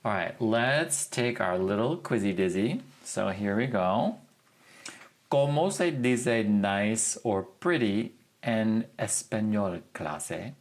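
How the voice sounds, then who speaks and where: A man teaching a language lesson over a screen share, talking in a relaxed, chatty way and thinking aloud with fillers as he goes. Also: lowish voice, takes it slowly. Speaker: Spanish teacher.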